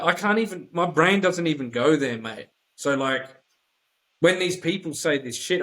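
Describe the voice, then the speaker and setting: A man with an Australian accent and a fairly high-pitched voice, on a rough recording. He's an offroad YouTuber appearing as a podcast guest, talking bluntly and rambling with plenty of swearing in a casual chat.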